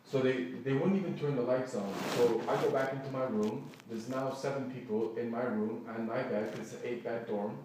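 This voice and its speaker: A man's voice: medium pitch, moderate pace, few pauses. A man recounting an incident in agitated first-person storytelling, acting out quoted dialogue and restarting his sentences. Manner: animated, acts out quoted dialogue, restarts often. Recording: echoey room, distant mic, faint noise.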